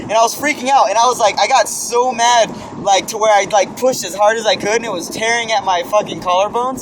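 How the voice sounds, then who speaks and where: A young man casually telling friends an animated story, swearing and acting out his own shouts. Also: high-pitched, noisy background. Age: young adult. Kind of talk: casual chat.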